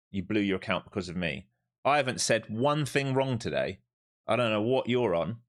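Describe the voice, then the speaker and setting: A man's voice: on the low side, lively intonation, moderate pace. A man commentating his trades live on a stream, swearing and mocking viewers in chat. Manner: urgent cheering at the price chart.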